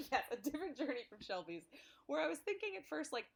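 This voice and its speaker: A woman's voice: sits high, big pitch swings, a little fast, creaky, crowd noise. A woman co-hosting a podcast, chatting casually about a film, laughing and speaking to listeners. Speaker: podcast co-host. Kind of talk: casual film-review chat.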